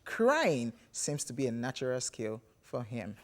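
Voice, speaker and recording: A Nigerian man co-hosting a TV entertainment show, presenting countdown segments and joking with an expressive delivery. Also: mid-range voice, measured pace. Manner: expressive, animated, playful. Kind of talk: presenting and studio banter.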